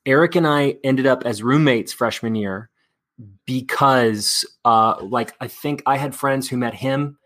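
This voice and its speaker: A man's voice: mid-range voice, measured pace, a bit bright. A man from Texas, an actor, chatting candidly in an interview with many fillers and restarts. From Texas, USA. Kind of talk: casual interview chat.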